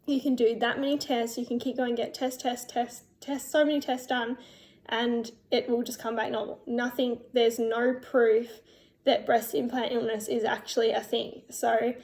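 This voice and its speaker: A young woman telling her personal story in a vlog, emotional and halting, with many fillers and restarts. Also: a little high, little pitch movement, a little mellow. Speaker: vlogger.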